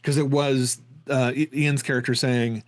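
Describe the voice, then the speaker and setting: A man co-hosting a horror podcast, talking casually in a halting way that stumbles and repeats words. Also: mid-range voice, level tone, no echo. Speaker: podcast co-host. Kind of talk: casual film discussion.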